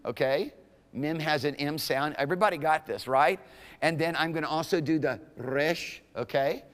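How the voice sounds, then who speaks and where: A man's voice: a little high, big-room sound. A man teaching an introductory Hebrew class as a classroom lecture, talking casually and checking in with the students often. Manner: conversational, checks in with "okay?" often. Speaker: Hebrew instructor. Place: lecture room.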